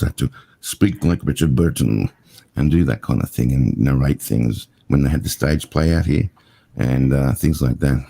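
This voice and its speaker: A man with a very deep, gravelly voice and a dark, husky tone. He chats playfully as a guest on a video call, teasing the host in a relaxed way. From Australia. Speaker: guest, voice artist. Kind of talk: casual chat on a video stream.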